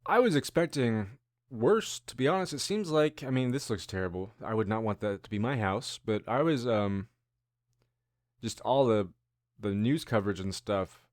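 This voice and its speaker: A man's voice: on the low side, expressive, normal speed, no echo, studio quality. A man in his thirties hosting a casual news-commentary show, rambling and musing with self-deprecating asides. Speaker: host.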